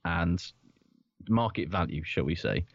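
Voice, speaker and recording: A man's voice: low voice, animated, unhurried, creaky, no room sound, highs cut off. A man co-hosting a podcast, chatting casually about sport, rambling, swearing and laughing often. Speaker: podcast co-host.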